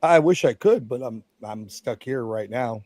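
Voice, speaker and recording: Forties male guest, blunt storyteller, mid pitch, dry mic. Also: expressive, unhurried, a little mellow, dry recording. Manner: storytelling, blunt and self-mocking. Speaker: stream guest. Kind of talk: casual chat.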